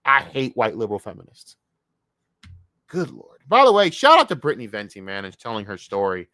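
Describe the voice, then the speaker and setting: A man streaming live, ranting loudly and angrily with heavy profanity. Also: mid-range voice, wildly swooping pitch, fairly quick, no echo, clean studio sound. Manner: loud, profane, angry ranting.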